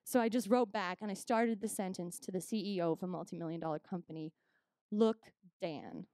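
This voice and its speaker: A woman's voice: on the low side, brisk, dry recording. A young woman from Canada doing a stand-up comedy set, telling stories and acting out both sides of each conversation. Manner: animated storytelling, acts out both sides of conversations.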